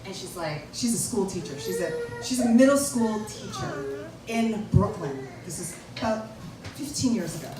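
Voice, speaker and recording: A woman doing a stand-up comedy set in a small coffee shop, playfully teasing the crowd with big, lively swings in her delivery. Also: medium pitch, moderate pace, over music. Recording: echoey room taped from far off with noise.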